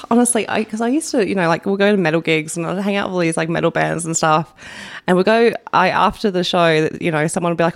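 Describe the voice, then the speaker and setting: A woman's voice: on the low side, fast. Chatty woman radio host. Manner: chatty, laughing, many fillers. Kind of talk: casual on-air chat.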